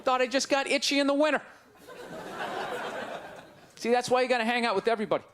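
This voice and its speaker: A middle-aged Boston comic talks fast in a very high voice during a brash, ranting stand-up set in which he ridicules the audience. It's a live club recording made with a handheld stage mic, and crowd noise can be heard.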